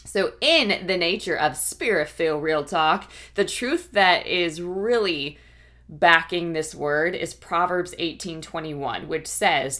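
A woman giving a faith-based coaching talk, conversational and encouraging, often checking in with her listeners. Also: fairly low pitch. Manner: conversational, keeps checking in with "right?" and "okay?"; warm, encouraging, laughs now and then. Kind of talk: teaching talk.

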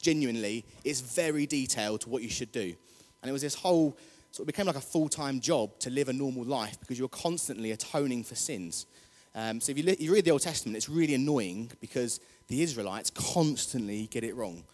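A man's voice: mid-range voice, a little fast, few pauses, a little mellow. A man preaching a casual, jokey sermon, chatty and rousing the congregation. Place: church hall. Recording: long hall reverb.

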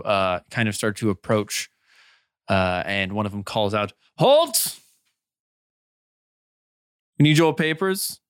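A man narrating as game master of a tabletop game in a relaxed way, with many fillers. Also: lowish voice, smooth, no echo, studio quality.

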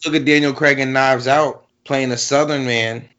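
A man co-hosting a casual chat, explaining his views at length with lots of asides. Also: medium pitch. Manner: relaxed, drawn-out explaining with many asides. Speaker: podcast co-host. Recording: dull lo-fi sound.

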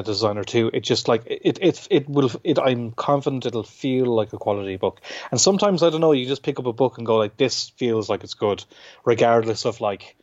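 An Irish man, a comic book writer, talking casually in an interview, full of restarts and fillers. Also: fairly low pitch. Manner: halting, many restarts and fillers. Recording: dull lo-fi sound.

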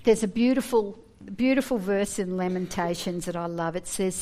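A woman preaching a sermon, earnest and animated, with humorous asides. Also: medium pitch, moderate pace, few pauses.

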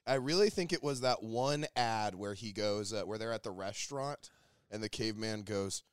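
A man's voice: fairly low pitch, normal speed, clear, resonant tone, dry recording, studio quality. A young man co-hosting a comedy podcast, joking loosely, swearing, and dropping into silly impressions. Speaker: podcast co-host. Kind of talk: casual comedic chat.

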